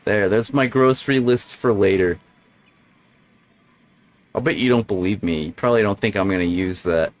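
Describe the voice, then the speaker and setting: A man's voice: on the low side, normal speed, pauses often, no room sound. Jokey, rambling male game streamer. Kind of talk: casual game commentary.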